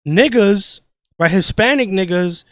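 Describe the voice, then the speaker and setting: A man's voice: high voice, animated, measured pace, dry recording, studio quality. A man hosting a podcast, talking in a profane, rambling rant full of restarts. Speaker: podcast host. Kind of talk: casual podcast chat.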